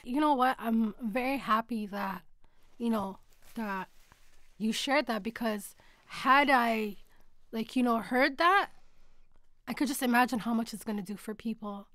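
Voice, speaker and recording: A woman's voice: fairly high pitch, unhurried, pauses often, no room sound. Heartfelt woman telling her story. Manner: heartfelt, softly emotional, voice dropping to near whisper. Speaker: podcast guest. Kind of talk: casual personal storytelling. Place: dark studio.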